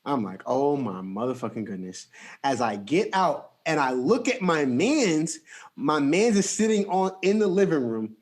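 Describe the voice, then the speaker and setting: A young man hosting a podcast, telling a story in a casual, animated, slangy way. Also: a little slow. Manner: animated, slangy storytelling with big pitch jumps. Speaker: podcast host.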